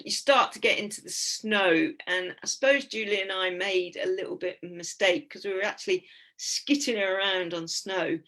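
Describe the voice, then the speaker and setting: A woman in her fifties giving a lively, blunt and humorous talk with slides about a climbing trip. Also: medium pitch. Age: 50s.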